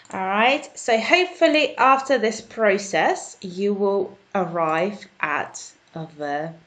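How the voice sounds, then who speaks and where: A woman with a British accent teaching an online English grammar lesson, chatty and checking in with her viewers, typing as she explains. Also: mid-range voice. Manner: chatty, checks in with "okay?" and "guys".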